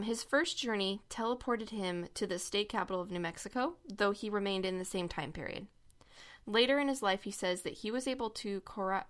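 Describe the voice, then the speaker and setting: A woman's voice: mid-range voice, fairly bright tone. A young woman hosting a casual podcast chat, explaining a conspiracy story with lots of fillers and laughs. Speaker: podcast co-host.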